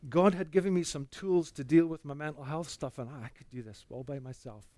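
An earnest man gives a personal faith testimony. His voice sinks to a near hush and then lifts with energy as the story builds. The sound is close and dry, with no room around it. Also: a little high, brisk, no room sound. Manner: earnest storytelling that swings between hushed and animated. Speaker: speaker giving a testimony.

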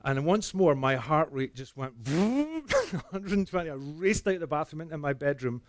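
A man telling a personal faith testimony, earnest, dropping to a hush and then rising again. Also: on the high side, normal speed. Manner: earnest storytelling that swings between hushed and animated. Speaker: speaker giving a testimony.

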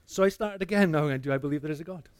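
A man telling a personal faith testimony, earnest, dropping to a hush and then rising again. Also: on the high side, racing, clean tone. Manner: earnest storytelling that swings between hushed and animated. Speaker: speaker giving a testimony.

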